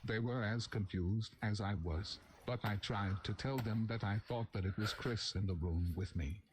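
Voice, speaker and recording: Young man, fairly low voice, steady horror story narration, faint background noise. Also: moderate pace.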